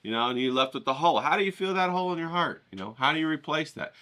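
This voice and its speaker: A middle-aged man rambling casually to his viewers, profane and animated, acting out the voices of the people he quotes. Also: a little high, rapid-fire. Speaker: vlogger painting outdoors.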